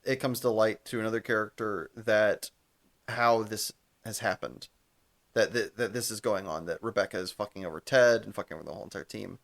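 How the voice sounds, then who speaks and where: A young man, a podcast co-host, retelling a TV episode in casual chat, animated, laughing and swearing freely. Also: lowish voice, fairly quick, vocal fry.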